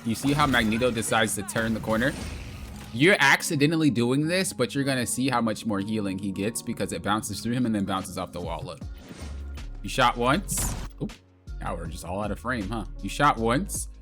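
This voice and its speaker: A man's voice: on the low side, bright, forceful tone. A man casually coaching a player through a gameplay replay, explaining step by step and often saying "look" and "you see.". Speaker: game coach.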